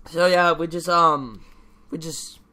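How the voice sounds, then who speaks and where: A man's voice: fairly high pitch, fairly even intonation, slow pace, pushed and bright. A teenage boy vlogging in a casual, rambling way, ranting and swearing freely with lots of fillers. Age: teens.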